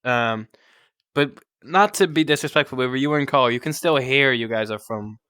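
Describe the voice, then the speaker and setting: A man's voice: medium pitch, normal speed, sharp tone, smooth, no echo, clean studio sound. A young man from the Netherlands with a Dutch accent, hosting a casual podcast chat and teasing his guest. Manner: chatty, teasing, many fillers. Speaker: podcast host.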